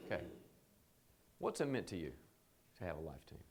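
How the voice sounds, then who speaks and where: A man's voice: sits low, huge pitch swings, moderate pace, slight background noise. A man teaching a live training seminar in a conversational, joking way, often slipping into quoted voices.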